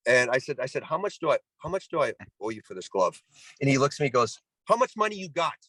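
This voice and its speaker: A man's voice: medium pitch, fast, slightly rough, no room sound, poor audio. A middle-aged man from Canada, a former pro ball player, telling a story as a guest in a casual interview. He acts out the people he quotes and often restarts his sentences. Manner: animated, acts out quoted voices, many restarts.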